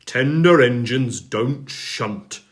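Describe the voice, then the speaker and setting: A man's voice: mid-range voice, very slow. A man voicing a proud, rude big express engine in a storybook reading, haughty.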